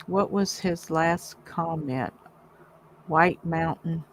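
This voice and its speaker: A woman hosting a livestream in casual chat, reading viewer comments aloud in a chatty, warm way. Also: low voice, slow, slight background noise, rough recording. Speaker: livestream host.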